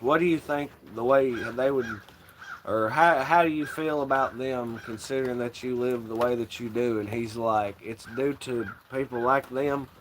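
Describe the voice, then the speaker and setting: A man's voice: mid-range voice, steady tone, moderate pace, slight background noise. A man hosting a casual livestream, rambling and swearing freely and laughing often. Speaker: livestream host.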